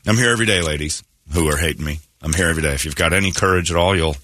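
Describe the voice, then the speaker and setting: A man's voice: low-pitched, very fast, pushed and bright, slight background noise. A man hosting a radio morning show, ranting sarcastically in a talk radio monologue.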